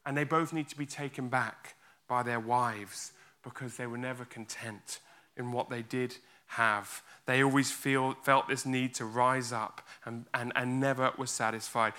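Bright-voiced man preaching a sermon. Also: medium pitch. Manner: earnest, expressive preaching with acted quotes. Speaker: pastor. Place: church.

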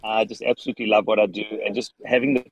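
A man with a South African accent, a podcast guest answering questions earnestly from his parked car, with frequent restarts and pauses. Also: fairly low pitch, steady tone, dry recording, dull audio. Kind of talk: thoughtful interview answers.

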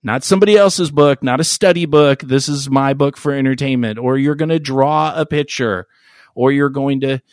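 A man's voice: mid-range voice, moderate pace, darkish tone, no echo, studio quality. A man hosting a podcast in casual chat, crude, rambling and joking. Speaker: podcast host.

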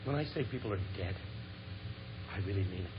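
A man in his fifties giving a humorous, impassioned sermon, swinging from shouts to hushed lows. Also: lively intonation, fairly quick. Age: 50s. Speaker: Christian speaker. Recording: muffled lo-fi with background hiss.

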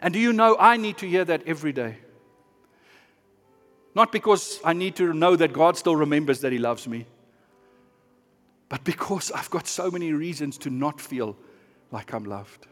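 A man preaching a sermon as pastor, earnest and shifting between hushed and impassioned delivery. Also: a little high, expressive, normal speed, long pauses, in a large hall, soft background music.

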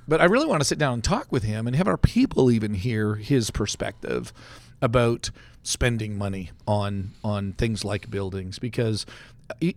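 A man hosting a church podcast, talking in a casual, rambling way with lots of restarts and easy laughter. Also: lowish voice. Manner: rambling, chatty, many fillers and restarts, laughs easily. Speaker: podcast host and church pastor. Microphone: studio mic.

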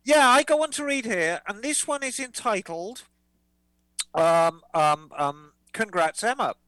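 A woman's voice: mid-range voice, lively intonation, unhurried, fairly bright tone, no echo, poor audio. A woman co-hosting a motorcycle podcast, reading listener letters aloud in a chatty, playful way. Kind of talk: casual podcast chat.

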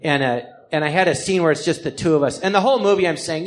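A man telling a comic story live on stage, animated and rambling, acting out the voices of the people he quotes. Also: fairly high pitch, fast talker, hardly any pauses.

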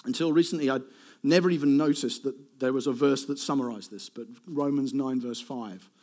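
A middle-aged male preacher giving a sermon, animated, asking rhetorical questions and swinging between loud emphasis and soft asides. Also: mid-range voice, fairly quick.

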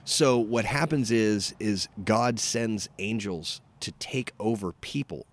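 A young man co-hosting a casual podcast, retelling a horror film plot in an animated, profane way and acting out quotes. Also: lowish voice, slow. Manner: animated storyteller, swears freely, acts out quotes. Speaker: podcast co-host. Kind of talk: casual movie recap chat.

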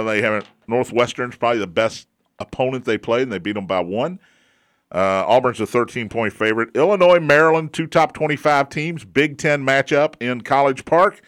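A man's voice: medium pitch, dry recording. Sports radio host, American man, dry close studio mic, wry stat-heavy delivery. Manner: wry, rattles off scores and records.

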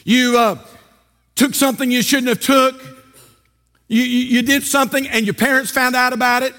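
A man's voice: very high voice, fairly even intonation, moderate pace, bright, forceful tone, in a large hall. An older man preaching a sermon as pastor, folksy and storytelling, with rhetorical questions. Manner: folksy, asks rhetorical questions and tells stories.

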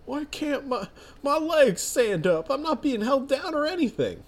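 A man doing a panicky, high-voiced male bystander. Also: big pitch swings, a little slow, heavily acted. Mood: panicked. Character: bewildered nosy male bystander.

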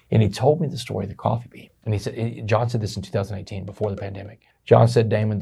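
A middle-aged man, a motivational speaker telling his story in an interview, animated and fast, often saying "man". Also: on the low side, vocal fry, husky. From Texas, USA.

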